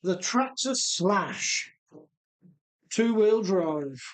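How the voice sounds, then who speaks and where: The host of a radio-controlled car live stream talks in a high, animated voice, but extremely slowly. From his home workshop he chats in an easygoing way, laughing a lot as he reads viewer comments.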